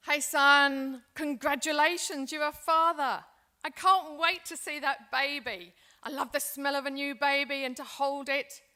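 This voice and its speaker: A woman's voice: on the high side, normal speed, sharp tone. A woman playing an aging migrant mother and grandmother who chats affectionately on the phone with her family overseas. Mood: chatty. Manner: chatty, affectionate, talking on the phone. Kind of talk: acted role-play in a seminar.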